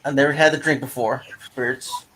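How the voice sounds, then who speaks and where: A man's voice: medium pitch, fairly even intonation, fairly quick, a bit bright, slight background noise. A man joining a late-night ghost-hunting session, tossing in playful jokes and casual banter. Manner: joking, playful.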